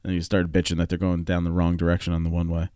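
A man's voice: low voice, monotone, fast, dark tone, clear, resonant tone, no echo, studio quality. A man co-hosting a podcast at home, chatting casually, swearing freely and laughing as he tells stories. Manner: swearing, storytelling, laughs often. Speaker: podcast co-host. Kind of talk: casual chat.

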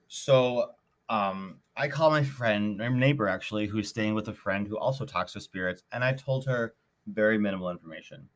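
Podcast host, young man from Minnesota, lower voice, loose rambling storyteller heavy on fillers. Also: moderate pace. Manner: rambling, animated retelling with many fillers. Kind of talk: casual storytelling.

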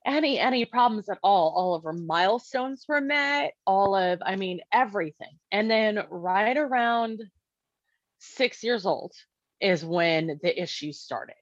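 A woman's voice: mid-range voice, expressive, measured pace, no echo. Woman, casual storytelling, filler-heavy, acted-out quotes, dry, slightly dull recording. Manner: conversational, many "like" fillers, acts out quoted dialogue. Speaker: parent telling her story.

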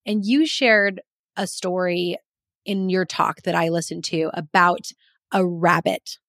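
A woman's voice: on the low side, steady tone, slow pace, creaky, fairly bright tone, no echo, clean studio sound. A woman hosting a podcast interview, prompting her guest and reflecting on his answers. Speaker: podcast host.

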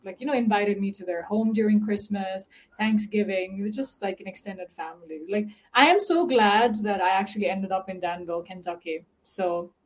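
A woman from Nepal, chatting as a podcast guest, animated and laughing often between filler-laden sentences. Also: medium pitch, normal speed, hardly any pauses. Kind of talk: casual interview chat.

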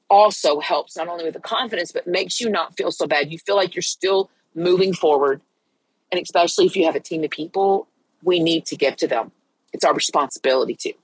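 A woman's voice: fairly low pitch, breathy edge, no echo, rough recording. A middle-aged woman talking earnestly on her own podcast, sounding as if she has been crying, with frequent restarts. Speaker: podcast host. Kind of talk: personal faith podcast talk.

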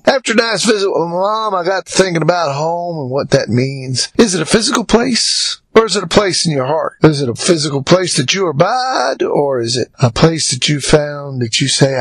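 A man's voice: on the high side, animated, normal speed, hardly any pauses, no room sound. An older man with a Southern accent, hosting his podcast in a folksy, rambling storytelling monologue. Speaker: podcast host.

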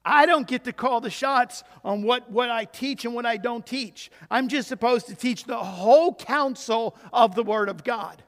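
A male pastor with a notably high voice delivers a sermon, shifting from quiet, intimate passages to loud, driving exhortation. His voice rings out with a long reverb in a church sanctuary. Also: normal speed, hardly any pauses. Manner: emphatic preacher, swings between hushed and loud.

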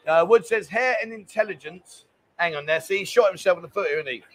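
A man with a London accent co-hosts a casual live chat show, reading out viewer comments with jokey banter. His voice sits high for a man and the words tumble out fast. He sounds a little rough from a hangover. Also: a bit bright. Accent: London English. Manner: jokey banter, quick and chatty. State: hungover. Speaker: co-host of a livestream.

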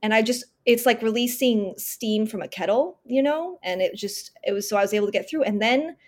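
Earnest, higher-voiced woman telling her story. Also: fairly quick. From Northern California. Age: 30s. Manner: earnest, emphatic, with frequent restarts and acted-out inner dialogue. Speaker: podcast guest. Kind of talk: personal storytelling in conversation.

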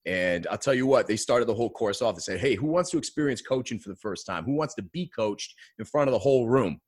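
A man telling a personal story in a casual interview, earnest and animated, often adding "man.". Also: medium pitch, fast talker, breathy edge, no room sound, studio quality. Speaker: guest.

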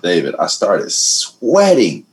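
A middle-aged man who is a comedian, telling a story in a casual interview. He mumbles, lets his voice trail off quietly, and jumps higher when quoting himself. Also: huge pitch swings, slow. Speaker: comedian guest.

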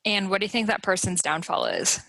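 A woman teaching Ayurveda as a podcast guest, animated in conversation and slipping into quick character voices. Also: mid-range voice, no echo.

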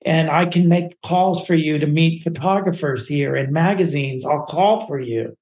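A man's voice: a little high, moderate pace, a little mellow, pitched above the performer's own voice, natural voice. A man voicing a kindly, encouraging male agency boss inside his own story. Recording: roomy echo.

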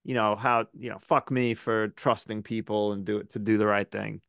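A man's voice: lowish voice, flat delivery, moderate pace, vocal fry, fairly bright tone, no echo, studio quality. A man co-hosting a podcast, ranting in casual chat, rambling and swearing often. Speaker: podcast co-host.

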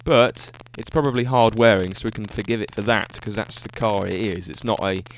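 There's a little hiss or hum as this podcast host speaks briskly in a lowish voice. Going it alone in a casual monologue, he's enthusiastic and rambling, frequently correcting himself.

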